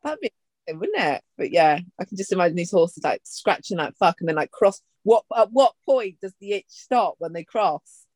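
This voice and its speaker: A woman's voice: on the low side, sing-song, brisk, darkish tone, dry recording. A woman co-hosting a casual chat podcast, playful and jokey, swearing casually. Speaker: podcast co-host.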